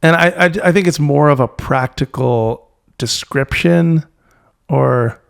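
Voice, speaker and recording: A man guest on an interview podcast, speaking reflectively and halting often to search for words. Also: a little high, gravelly, smooth. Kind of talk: reflective conversation.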